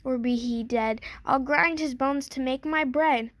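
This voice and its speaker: A woman's voice: high voice, unhurried, dry recording. A huge, ugly giant who barks commands, as a woman reading aloud puts him on. He bellows every line. The sound is close and dry. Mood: bellowing. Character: enormous ugly man-eating giant king, bellowing.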